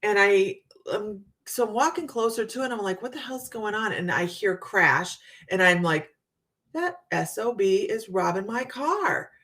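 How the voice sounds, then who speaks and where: A woman psychic medium hosting a casual live chat, telling stories to her viewers in a chatty, animated way. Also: mid-range voice, moderate pace. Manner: chatty storytelling, Southern US "y'all".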